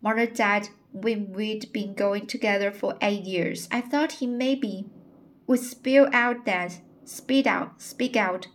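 A woman's voice: mid-range voice, slow pace, close to an everyday voice. A woman reading as an aggrieved forty-year-old spinster. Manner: aggrieved, pouring out complaints.

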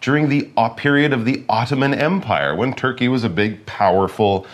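A man co-hosting a radio English lesson, explaining words in a lively way and acting out example lines. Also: medium pitch, normal speed. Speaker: English teacher, co-host.

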